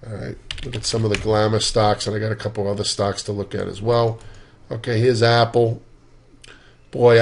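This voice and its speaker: A man giving a casual, conversational walkthrough of stock charts, loose in his phrasing and dropping dry, sarcastic asides. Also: on the low side. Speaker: stock market analyst.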